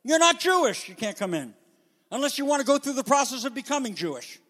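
A man preaching a sermon as pastor, with animated, dramatic emphasis, speaking to a congregation. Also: extremely high pitch, fast talker. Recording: long hall reverb.

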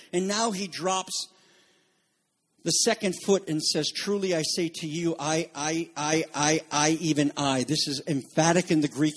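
High-voiced preaching man, emphatic. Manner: rises to emphatic shouting, then drops back to teaching; frequent restarts and filler stammers. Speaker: pastor. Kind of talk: expository sermon.

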